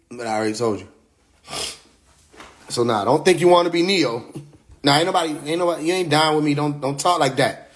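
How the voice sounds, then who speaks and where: Streetwise man talking loosely on a live stream. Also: on the high side. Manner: loose, streetwise, profane, laughs often. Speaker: livestream host. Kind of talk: casual livestream monologue. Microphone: phone livestream.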